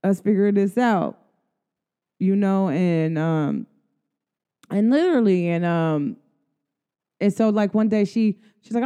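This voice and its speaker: Warm, smooth-voiced woman talking casually. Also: mid-range voice, slow pace, long pauses. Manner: conversational, filler-heavy slang, earnest. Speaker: podcast host. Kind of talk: casual spiritual talk.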